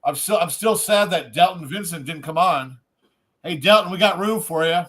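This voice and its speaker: A man with a high voice hosts a live stream over a video call. He jokes loosely with his guests and often trips over his own words. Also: moderate pace, crowd noise. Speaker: host of a live music talk stream. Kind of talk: casual live stream chat.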